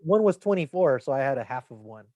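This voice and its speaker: A man's voice: medium pitch, expressive, fast talker, a little mellow, no echo. A young man, a podcast co-host, in casual chat, telling a rambling story full of swearing.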